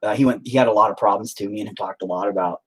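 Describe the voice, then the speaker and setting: A man's voice: on the low side, fairly even intonation, very fast, slightly rough. A middle-aged man, a musician, talking frankly to his stream chat in a rambling, heavily profane way. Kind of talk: casual confessional livestream monologue.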